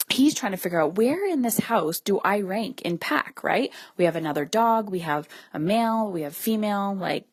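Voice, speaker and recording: A woman with a lowish voice speaks as a podcast host, telling a casual story to her listeners. She talks in a chatty way, full of "like" and "right?" asides. The sound is dry and close, with no room echo. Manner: addresses listeners directly. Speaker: podcast host and parenting coach.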